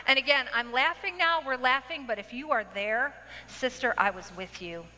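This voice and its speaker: A woman giving a testimony talk to a women's audience, dramatic and laughing often, acting out her past self in sudden high outbursts. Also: normal speed, pushed and bright. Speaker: speaker addressing a women's audience. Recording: echoey hall with faint noise.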